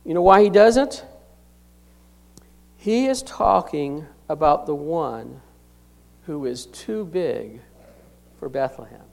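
A middle-aged male pastor with a notably high-pitched voice delivers a sermon. He presses each point hard, rising loud on key words and dropping to a hush to let them land. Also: expressive, takes it slowly, vocal fry, long pauses. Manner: emphatic preaching with sharp swings from loud to hushed.

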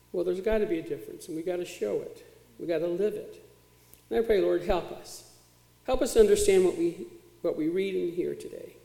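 Preaching in an echoey church sanctuary, a male pastor talks in a plain, conversational way, dropping in occasional fillers; his voice is high-pitched, gravelly, and warm.

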